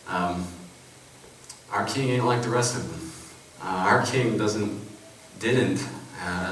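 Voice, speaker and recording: A man, a church minister, preaching a casual, animated sermon, often asking "right?" to his congregation. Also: low-pitched, a little hiss or hum. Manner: animated and informal, peppered with "right?". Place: church sanctuary. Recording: roomy church hall from far off.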